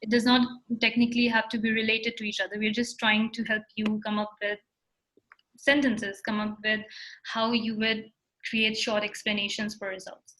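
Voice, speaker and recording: A woman's voice: on the high side, a bit bright, low-quality recording. A woman teaching an online writing workshop over a video call, explaining step by step with some fillers. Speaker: workshop instructor.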